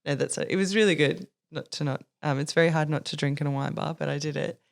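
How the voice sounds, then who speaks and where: A woman's voice: deep voice, quick pace, gravelly. A young Australian woman, a sommelier, chatting on a podcast in a bubbly way, laughing often and acting out what people say. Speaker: sommelier guest. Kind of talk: casual podcast chat.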